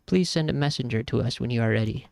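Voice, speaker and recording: A man's voice: medium pitch, quick pace, gravelly, darkish tone, no room sound, natural voice. Man playing a proud village elder. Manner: proud, solemn.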